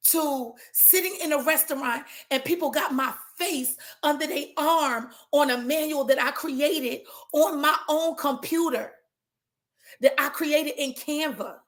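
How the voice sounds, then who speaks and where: A woman with a somewhat high voice tells her business story in a loose, animated way. She talks straight to her audience like friends, mixing motivation with casual chat. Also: unhurried. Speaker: trichologist and hair business coach. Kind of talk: motivational casual talk to viewers.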